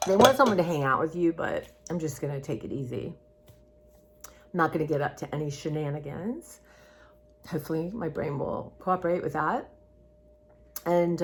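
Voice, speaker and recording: A woman in her sixties with a slightly low voice talks casually to camera. She rambles from one thought to the next, loose and chatty, and calls her viewers y'all. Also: a bit bright. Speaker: vlogger.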